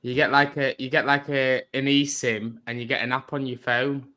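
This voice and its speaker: A man's voice: mid-range voice, little pitch movement, normal speed, bright, forceful tone. A man chatting as a livestream guest, explaining things at length with many hesitant fillers. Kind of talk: casual chat.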